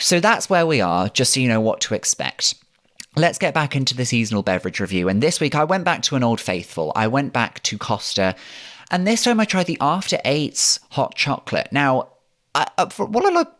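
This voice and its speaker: A man's voice: mid-range voice, fairly bright tone. A man hosting a chatty comedy podcast. He rattles through jokey, self-mocking asides. His voice leaps up and down all the time. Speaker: podcast host. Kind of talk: comic podcast monologue.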